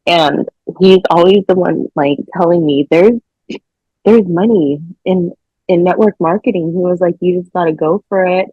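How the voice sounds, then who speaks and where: Woman guest, husky and low, excitable storyteller who swears casually; dry, muffled call audio. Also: moderate pace, dry recording.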